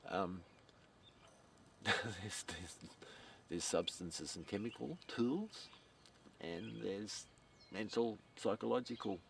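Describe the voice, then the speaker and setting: A low-voiced man drawls slowly through a rambling monologue, restarting words, swearing and chuckling. His voice is gravelly and deep. He sits outdoors and sounds a little far from the mic, with faint ambient noise around him. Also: a bit bright. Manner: meandering, repeats words, swears, chuckles often. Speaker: vlogger.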